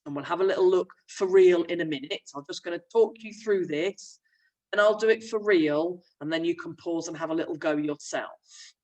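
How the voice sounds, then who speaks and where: A woman's voice: fairly low pitch, moderate pace, a little mellow, distant mic, poor audio. A young woman, a primary school teacher, chattily explaining a remote lesson while sharing her screen. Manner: friendly, chatty classroom explaining.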